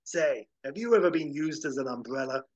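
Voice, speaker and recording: A man's voice: medium pitch, expressive, brisk, highs cut off, close to an everyday voice. A man voicing an unhinged homeless man who talks in a leering, unsettling way. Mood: creepy.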